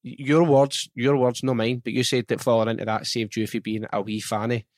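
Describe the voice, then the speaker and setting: Podcast host on a dry mic. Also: male voice, medium pitch, flat delivery, fairly quick, a little mellow, no echo. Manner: chatty, asks long rambling questions. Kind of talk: conversational interviewing.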